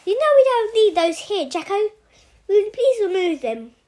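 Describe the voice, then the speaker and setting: A woman's voice: very high voice, animated, a little mellow. A woman reading aloud and voicing a cheery, bossy female nurse who fusses and scolds. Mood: indignant. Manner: chirpy, fussing, quick to scold.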